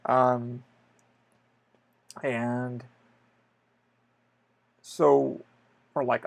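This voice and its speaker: A man talks alone into a podcast microphone, telling a story in a loose, rambling way and swearing freely. His voice has a gravelly rasp at a middling pitch. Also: takes it slowly, pauses often. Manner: swears a lot, rambling and animated. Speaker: podcast host. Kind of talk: casual solo podcast storytelling.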